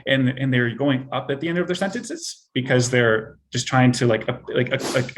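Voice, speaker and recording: A man presenting a persuasion training session, speaking softly and in a relaxed way on purpose, with many exploratory questions. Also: mid-range voice, slight background noise. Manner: deliberately soft-spoken and relaxed. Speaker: sales and communication trainer.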